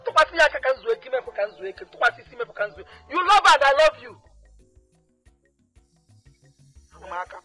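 A woman's voice: sits high, sing-song, rapid-fire, pushed and bright, faint music behind, heavily acted, poor audio. A stern scolding mother. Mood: dismissive. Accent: Nigerian. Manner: scolding, insistent. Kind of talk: film acting.

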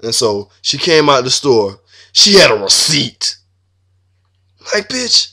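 A man's voice: mid-range voice, sing-song, slow pace, long pauses, sharp tone. A man telling a crude comic story in a brash, swaggering freestyle. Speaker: comedian.

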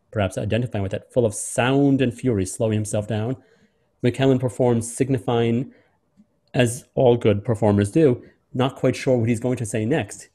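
A man hosting and lecturing, doing a close reading of a speech and drawing out key words in a measured way. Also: medium pitch, mellow. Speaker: host and lecturer.

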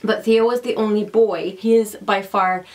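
A woman's voice: mid-range voice, fairly even intonation, normal speed, darkish tone. Chatty young woman vlogger. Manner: chatty and affectionate, laughs often. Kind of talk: casual chat to camera.

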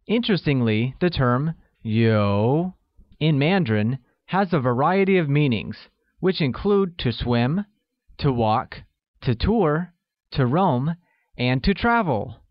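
A man reads a scripted language lesson at an unhurried pace, drawing out each example word. His pitch moves up and down a lot as he praises and quizzes the learner. The recording is dry and a little dull. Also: very animated, no echo. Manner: slow, careful delivery with drawn-out example words. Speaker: language teacher.

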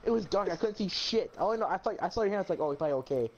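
A man's voice: high voice, rapid-fire, highs cut off, noisy background. A man telling a funny story in casual chat, laughing through it and swearing a lot. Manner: laughing, profane, animated storyteller. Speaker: gaming channel co-host.

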